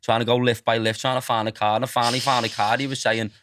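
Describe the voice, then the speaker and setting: A young man co-hosting a podcast, telling a story in a casual, animated way, swearing and calling his friend "lad". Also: mid-range voice, quick pace, no room sound. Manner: animated, swears a lot, keeps saying "lad". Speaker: podcast co-host.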